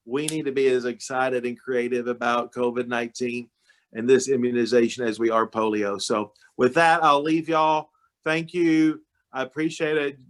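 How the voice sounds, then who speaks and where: A man's voice: mid-range voice, a bit bright. A man, a county judge, speaking to a club meeting over a video call in a folksy, emotional storytelling way. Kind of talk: informal talk to a club meeting.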